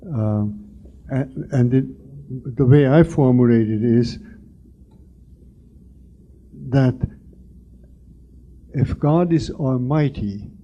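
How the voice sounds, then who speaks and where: A man, a Christian monk, answering slowly and thoughtfully with hesitations. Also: medium pitch. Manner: slow, measured, with hesitations. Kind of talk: reflective discussion. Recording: muffled lo-fi with faint noise.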